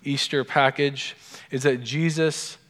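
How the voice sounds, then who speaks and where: A man's voice: mid-range voice, steady tone, slow pace, a bit bright. A man preaching a sermon in a conversational way, putting many questions to his listeners. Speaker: pastor. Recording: long hall reverb.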